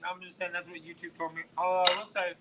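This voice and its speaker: A man's voice: high-pitched, completely flat delivery, fast, background noise. A man in his forties from Texas, telling stories in casual, profane podcast chat at a restaurant. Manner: profane, rambling storyteller full of "like". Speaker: podcast host.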